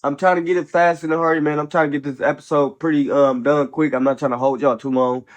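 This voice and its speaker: Man, somewhat high voice, casual sports commentary host, slangy, profane, blunt, a little sick. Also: fairly even intonation, quick pace, dull audio. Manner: slangy, profane, peppers lines with "bro" and "man"; blunt, opinionated. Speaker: host of a football commentary channel.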